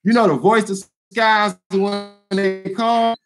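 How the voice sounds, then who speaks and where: A man hosting his own video channel, talking straight to his viewers in a joking, animated way. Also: sits high, slow, over music. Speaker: YouTube channel host addressing viewers. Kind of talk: casual vlog commentary.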